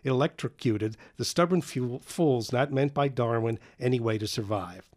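A man's voice: mid-range voice, normal speed. Man reading a novel aloud, wry. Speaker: narrator.

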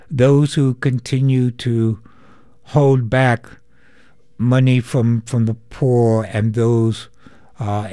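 A man hosts a call-in radio show, speaking slowly and deliberately with many pauses and fillers. His voice is mellow and dark in tone, and it sounds dry and close, with no room echo. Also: medium pitch, smooth. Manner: slow, thoughtful, with pauses and fillers.

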